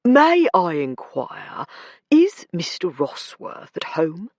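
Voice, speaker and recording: Big polite sergeant, posh and smooth, low-pitched, voiced by a woman narrator. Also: wildly swooping pitch, slow, a little mellow, dry recording, exaggerated voice. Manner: polite, aristocratic. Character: Tom, a large, smooth-talking detective sergeant.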